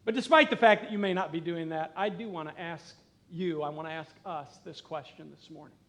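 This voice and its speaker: A middle-aged man preaching as pastor in a church, talking conversationally and earnestly, dropping to quiet emphasis at times. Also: fairly high pitch, fairly quick. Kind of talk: sermon. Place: church sanctuary.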